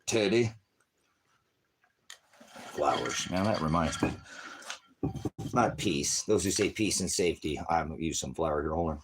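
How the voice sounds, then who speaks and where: A man preaching in a rambling, combative rant, swearing heavily, lurching from shouted bursts to low mutters. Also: a little hiss or hum. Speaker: independent ministry preacher. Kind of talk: profane religious rant.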